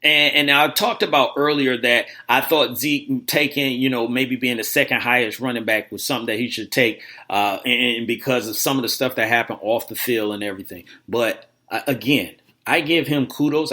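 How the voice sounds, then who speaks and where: A man hosting a sports talk show, rambling and animated, with lots of fillers and restarts. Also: mid-range voice. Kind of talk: casual sports radio talk.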